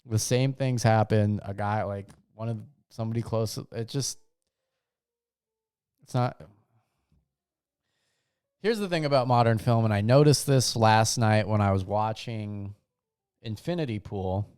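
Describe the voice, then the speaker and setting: A man's voice: fairly low pitch, unhurried, long pauses, darkish tone, clear, resonant tone. A young man hosting his own show, rambling through a casual comedic rant full of slang, restarts and trailing thoughts. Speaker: podcast host.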